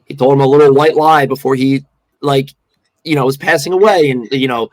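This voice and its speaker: A man co-hosts a casual podcast chat at a mid pitch. He rambles, restarts his thoughts and leans hard on filler words. His voice is plain and easygoing. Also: steady tone, fairly quick, low-quality recording. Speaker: podcast co-host.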